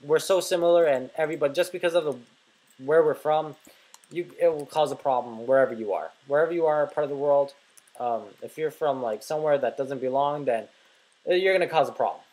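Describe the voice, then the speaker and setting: A man's voice: a little high, a little fast, darkish tone, poor audio. Rambling young man swearing over gameplay. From North America. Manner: rambling, swears freely, many fillers. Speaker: let's play host. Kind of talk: casual gameplay commentary with rambling stories.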